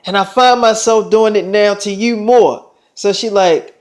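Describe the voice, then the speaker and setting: A young man with a noticeably high voice tells a long personal story to the camera. He rambles and swears freely, and he keeps circling back with fillers and restarts. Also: a little slow. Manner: rambling, profane, with repeated fillers. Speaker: vlogger. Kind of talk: casual storytelling monologue.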